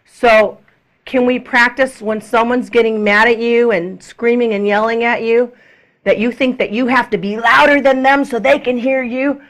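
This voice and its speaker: Middle-aged lady minister preaching, kinda high voice, animated, acts out people, goes quiet and whispery sometimes. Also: normal speed. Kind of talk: preaching to a congregation.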